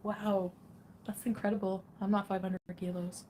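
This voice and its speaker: A woman's voice: mid-range voice, little pitch movement, moderate pace, mellow. A woman in her thirties chats on a livestream, rambling from one thought to the next. She giggles often and fills her talk with "um" and "like". Her voice sits in an ordinary middle register, with a faint hiss behind it. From Canada. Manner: rambling, giggly, lots of fillers. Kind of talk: casual livestream chat.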